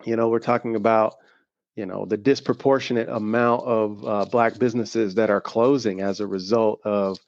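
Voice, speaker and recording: A man's voice: fairly low pitch, fairly even intonation, moderate pace, no room sound. Southern man, dry lo-fi podcast voice. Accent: Southern American. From American South. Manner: rambling, many fillers and restarts. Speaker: podcast co-host. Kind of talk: casual podcast conversation. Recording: dull lo-fi sound.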